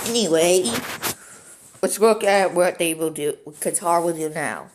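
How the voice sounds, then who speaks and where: A young male voice giving unhurried, drawn-out commentary over a map strategy game at home. He rambles from point to point and sprinkles "like" everywhere. The delivery is loose and casual rather than scripted. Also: on the high side. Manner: rambling and easily sidetracked, full of "like". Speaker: gaming commentator.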